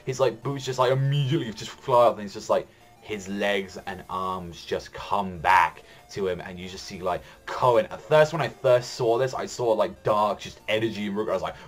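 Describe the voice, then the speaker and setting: A man giving a casual, excited manga chapter review, rambling with lots of fillers and swearing. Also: on the low side, normal speed.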